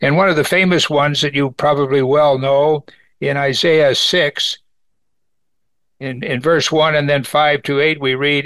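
A man's voice: fairly even intonation, unhurried, a bit bright, dry recording. A man teaching an evening Bible study, earnestly reading scripture aloud and lifting his voice to stress key points. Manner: earnest, rises in pitch for emphasis, reads scripture aloud.

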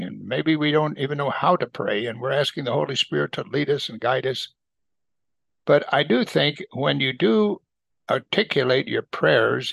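A man slowly reading and explaining Bible verses, repeating phrases for emphasis in a deliberate teaching style. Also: medium pitch, creaky, a bit bright, no echo.

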